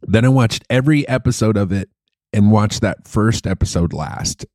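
A man's voice: lowish voice, normal speed, a little mellow, no room sound, clean studio sound. A man co-hosting a casual chat, rambling loosely and laughing at his own bits.

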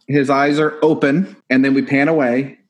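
A man's voice: medium pitch, flat delivery, normal speed, slight background noise, low-quality recording. A man co-hosting a casual podcast about a movie, enthusiastic and acting out favorite quotes. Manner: enthusiastic, acts out film quotes. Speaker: podcast co-host.

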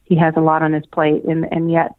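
An older woman talks over a thin, tinny phone line, her voice sitting fairly low for a woman. She tells stories in a chatty, casual way, laughing often and restarting her sentences. The sound is close and dry, with no room around it. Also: monotone, a little fast, no echo. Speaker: interview guest, former pageant winner. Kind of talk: casual storytelling interview.

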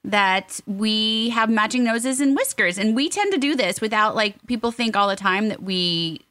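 A bubbly woman co-host with a fairly high voice that swoops up and down as she chats. Her sound is close and dry, with no room around it. She keeps the talk playful. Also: animated, moderate pace, fairly bright tone, no echo. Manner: bubbly, playful, reads synopsis aloud. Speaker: podcast co-host. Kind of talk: casual chat.

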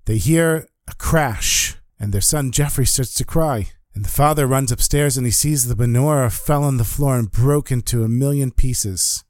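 A man narrates a story with animated delivery, slipping into the voices of the people in it. His voice is mid-pitched and sits close and dry. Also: dry recording. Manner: animated, acts out quoted speech.

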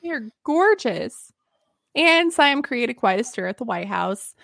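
A woman's voice: on the high side, very animated, slow pace, creaky, fairly bright tone, no room sound, clean studio sound. A woman hosting a casual history podcast, telling stories in a chatty, giggly way with lots of fillers. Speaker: podcast host.

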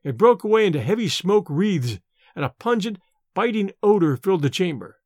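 A man narrating a story, reading in a vivid, expressive way. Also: high-pitched, normal speed, no echo, studio quality. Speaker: audiobook narrator. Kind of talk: scripted narration.

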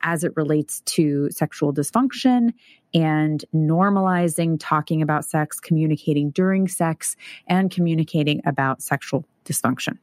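Woman podcast host, lowish voice, excited and chatty, dry close sound. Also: moderate pace, dry recording. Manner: enthusiastic, chatty with restarts. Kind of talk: casual podcast interview.

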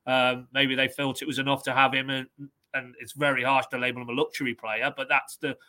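Bright-voiced man analysing football. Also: mid-range voice, level tone. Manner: measured, reads quotes from notes. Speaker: football reporter. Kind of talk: casual football podcast analysis.

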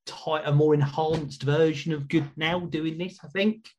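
A man's voice: on the high side, fairly even intonation, measured pace, a little mellow. A man hosting a podcast, chatting casually and rambling with restarts. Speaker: podcast host.

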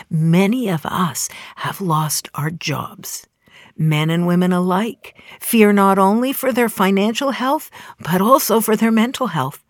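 A woman in her forties giving an earnest, measured spoken reflection with dramatic emphasis. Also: fairly low pitch, no echo, studio quality. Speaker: inspirational speaker.

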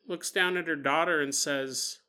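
A man hosting a paranormal podcast, retelling a reader's story in an animated way with acted-out quotes and small stumbles. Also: fairly high pitch, a little slow, clear, resonant tone.

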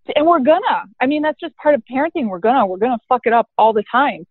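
A woman's voice: high voice, lively intonation, fast, husky, no room sound. A woman in her thirties, a therapist guest in a casual interview, speaking candidly and animatedly, swearing now and then and acting out quotes from parents and teens. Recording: dry, phone-like narrow sound.

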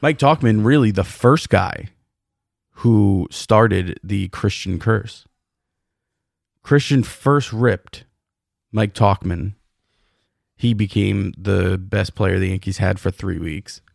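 A man co-hosting a sports podcast, teasing his partner in loose, joking banter. His voice sits low with a gravelly fry. The recording is dry and close. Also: slow, long pauses, no echo. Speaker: podcast co-host. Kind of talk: casual sports chat.

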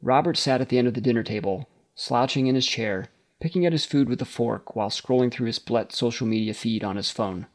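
A man narrates a story aloud in a mid-pitched, steady reading voice. He keeps an even storytelling pace and lifts his voice a little whenever characters speak. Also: brisk.

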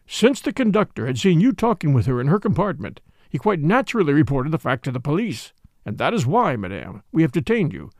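A self-important French police commissary presses his questions in a formal, insistent manner, voiced by a male narrator. His pitch leaps and dips with emphasis, a touch high, and the sound is close and dry. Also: very animated, brisk, a little mellow, no echo. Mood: pompous. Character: pompous middle-aged French police commissary.

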